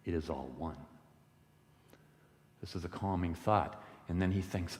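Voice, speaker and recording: A man giving a storytelling sermon, retelling a parable in an unhurried, gentle way. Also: sits low, long reverb tail. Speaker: lay worship speaker. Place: church sanctuary.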